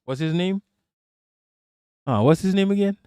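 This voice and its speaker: A man's voice: high voice, lively intonation, measured pace, dark tone, clear, resonant tone, no echo, clean studio sound. A man hosting a live stream, ranting in a casual, profane and mocking way and laughing often. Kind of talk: casual reaction rant.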